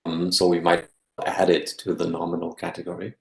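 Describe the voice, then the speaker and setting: A man giving an academic guest lecture, explaining step by step and often checking in with a quick "yeah?". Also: deep voice, monotone, vocal fry, reverberant.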